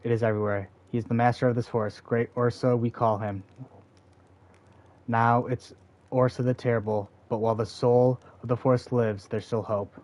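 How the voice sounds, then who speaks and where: A man's voice: medium pitch, flat delivery, normal speed, darkish tone, natural voice. A man reading a stern forest seer woman. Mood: hostile. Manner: stern, defiant and dismissive. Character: proud bitter forest seer woman, mother. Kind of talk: reading game dialogue aloud.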